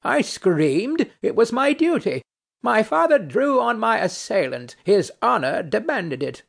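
A haughty, affronted noblewoman, insisting on her virtue, voiced by a man reading the play. The voice sits high and swings widely, and every word is drawn out slowly. It has a gravelly grain under it. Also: big pitch swings, exaggerated voice. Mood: bitter, accusing. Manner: prim, affronted, insistent questioning. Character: proud indignant Spanish noblewoman in hell. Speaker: audiobook narrator. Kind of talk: reading a stage play aloud.

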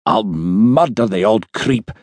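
A man voicing an earnest, soft-hearted young police constable who talks anxiously. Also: sits low, lively intonation, measured pace, no room sound, clean studio sound.

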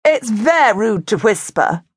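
A woman's voice: mid-range voice, sing-song, unhurried, slightly rough, no echo, pitched above the performer's own voice. A woman voicing a bossy, prissy female fairy penguin in a children's storybook.

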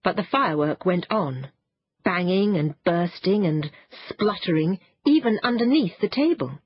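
A woman narrating a children's storybook in an expressive, animated way. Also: fairly low pitch, a little slow, slightly rough, dull audio. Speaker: audiobook narrator.

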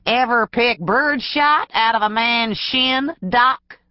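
Audiobook: narrator plays a crusty old hill-country storekeeper, snarling rural drawl, dull dry read. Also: female voice, on the high side, slow pace, no echo, pitched above the performer's own voice. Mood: menacing. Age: older. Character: ornery old male mountain storekeeper.

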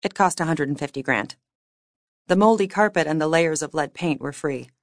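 A woman reading fiction aloud as an audiobook narrator, with measured, wry storytelling. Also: low voice, no echo, studio quality. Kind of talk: scripted narration.

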